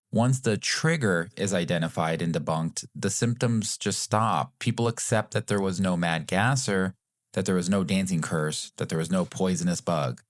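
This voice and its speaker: A man co-hosting a podcast in a casual, joking, self-deprecating way. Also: low-pitched. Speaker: podcast co-host.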